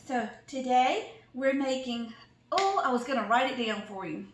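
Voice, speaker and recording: A folksy woman with a Southern accent, chatting through a cooking tutorial in her home kitchen. Her voice sits high and bright, and it rings off the hard walls of the room. A faint hum of household noise stays in the background. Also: animated, measured pace, roomy sound, rough recording. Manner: chatty, folksy, self-deprecating. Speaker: cooking vlog host.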